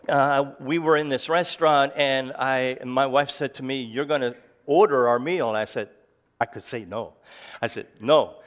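A man speaks to a live audience in a mid-pitched voice. His speech is halting and slightly slurred, broken by fillers and restarts as he tells jokes and stories. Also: fairly bright tone. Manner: hesitant, with frequent restarts and fillers; jokey storytelling. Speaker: ministry founder giving a talk. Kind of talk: personal talk to a live audience.

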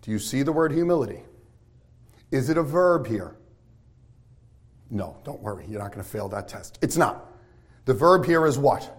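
A man preaching a sermon to his congregation, excitable and full of questions to the listeners. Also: mid-range voice, moderate pace, long pauses. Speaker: pastor.

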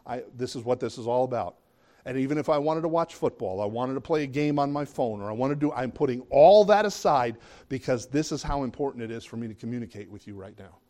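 A man preaching a sermon as a pastor, conversational and animated, often questioning the audience and acting out what people say. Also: medium pitch, fast talker. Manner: animated, acts out quoted voices.

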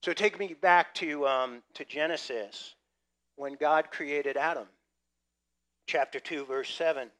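A man preaching a sermon, lively and conversational, swinging between loud emphasis and quiet asides. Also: on the high side, slow. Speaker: pastor.

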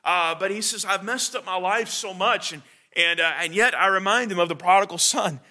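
A man preaching a sermon, earnest and halting, with many fillers and restarts. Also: high-pitched, pushed and bright.

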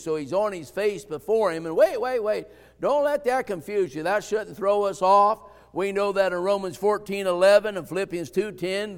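A man preaching a sermon as pastor, folksy and conversational, building to fervent shouts. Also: sits high, in a large hall.

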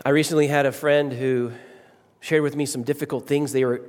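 A middle-aged pastor preaches to his congregation with a medium-pitched, somewhat dark voice, fairly even intonation and a slightly fast pace. Emphatic and repetitive with his key phrases, he varies speed and volume, and the church hall gives a long reverb.

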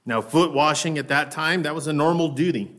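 A man preaching a sermon in a conversational way. He often checks in with "right?", slows down on key words and raises his voice to act out lines. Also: on the high side, fairly bright tone. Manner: raises his voice when acting out Peter's lines. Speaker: pastor.

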